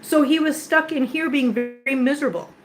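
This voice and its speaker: A woman who runs a cat rescue tells her viewers a story on a live stream from an indoor cat room, her talk casual, emotional and chatty. She speaks a little fast in a high-sitting voice, and the room is echoey with faint ambient noise.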